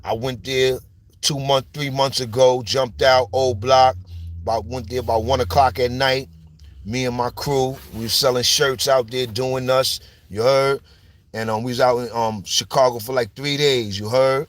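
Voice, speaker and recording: A man's voice: medium pitch, fairly even intonation, moderate pace, no room sound. Slang-heavy New York man, dry sound. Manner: street slang, repeats "you heard?" and "you know what I'm saying". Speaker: storyteller YouTuber. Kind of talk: casual monologue.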